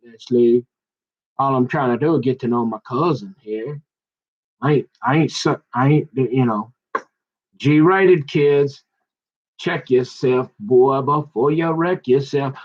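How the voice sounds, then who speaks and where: A man's voice: medium pitch, measured pace, muffled recording. A man talking in a loose, slangy, rambling monologue that jumps from one story to the next and keeps restarting his sentences.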